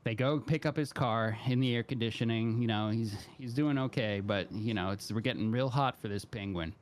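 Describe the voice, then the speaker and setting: A man's voice: medium pitch, a little fast, slight background noise. A man hosting a live stream, telling a long joke in a rambling, casual way. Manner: rambling, full of fillers and restarts. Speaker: streamer host.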